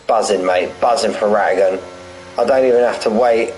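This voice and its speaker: A man's voice: fairly low pitch, normal speed, darkish tone, faint music behind, poor audio. A man commentating a sim racing league, casual and chatty, calling drivers "mate" and saying he's buzzing for them. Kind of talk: live race commentary and chat.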